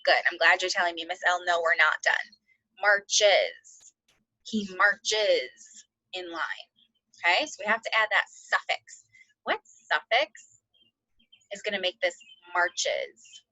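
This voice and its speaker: A woman teacher giving a phonics lesson to second graders, slowly sounding out words and spelling letters aloud. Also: lowish voice, sharp tone, no echo, lo-fi sound.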